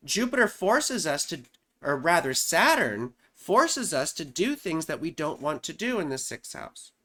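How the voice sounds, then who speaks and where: A woman's voice: fairly low pitch, a bit bright. A woman astrologer explaining horoscopes in a loose, chatty way, often saying "you know" and "right?".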